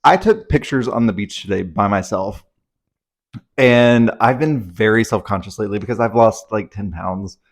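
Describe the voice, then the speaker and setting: A man's voice: fairly low pitch, expressive, moderate pace. A young man telling a story to his camera at home in a casual vlog, rambling, anxious and swearing freely. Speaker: vlogger. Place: at home indoors.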